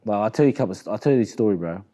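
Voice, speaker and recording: A man's voice: fairly low pitch, animated, racing, warm tone. A middle-aged Australian man telling a long story in a casual, rambling way, often saying "you know what I mean". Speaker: interview guest, boxer.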